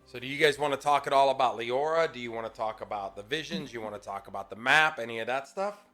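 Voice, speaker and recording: A man's voice: medium pitch, quick pace, bright, forceful tone, soft background music. A man running a tabletop game as game master, casual and joking.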